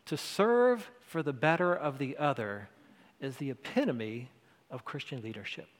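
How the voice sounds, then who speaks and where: Pastor guy giving a sermon in church, slow deliberate delivery, earnest and chatty. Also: mid-range voice, expressive. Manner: earnest, conversational preaching with rising emphasis. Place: church sanctuary. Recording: long church hall reverb.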